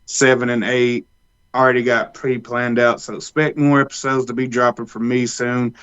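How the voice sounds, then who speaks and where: A man's voice: medium pitch, little pitch movement, moderate pace, a bit bright, clear, resonant tone, lo-fi sound. A man co-hosting a podcast, rambling loosely with frequent restarts. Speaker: podcast co-host. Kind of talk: casual chat.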